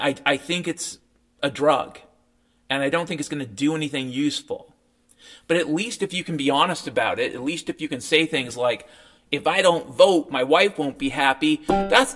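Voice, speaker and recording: A man's voice: fairly high pitch, fairly bright tone. Sardonic profane man ranting. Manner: sardonic, profane, mocking impressions. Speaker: podcast host. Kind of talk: ranting political monologue. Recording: faint piano music behind.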